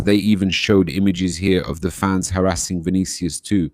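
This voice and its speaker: A man's voice: low voice, fairly even intonation, moderate pace, few pauses, darkish tone, dry recording. A man from Brazil hosting a football channel, ranting with indignant, repetitive exclamations. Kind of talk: ranting fan commentary.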